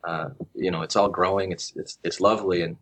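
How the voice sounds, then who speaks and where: A man who is a guest in a casual conversation, telling stories in a relaxed, halting way with many restarts and fillers. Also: deep voice. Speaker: guest researcher.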